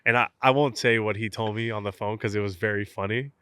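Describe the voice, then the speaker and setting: Low-voiced man telling a lively story. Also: fast, clear, resonant tone, no room sound, clean studio sound. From South Texas. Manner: animated storyteller, acts out both sides of phone calls. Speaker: guest, professional baseball catcher. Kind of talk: casual storytelling interview.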